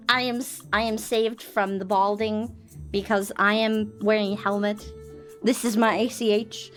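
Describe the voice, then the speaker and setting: A woman streamer chatting casually on a live stream, playful and teasing, laughing often and breaking into sing-song and shouty squeals, on a boom mic.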